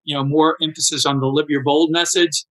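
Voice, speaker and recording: A man in his sixties telling stories in a casual interview, animated and acting out quoted dialogue. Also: fairly high pitch, fairly quick, low-quality recording. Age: 60s. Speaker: interview guest, endurance athlete.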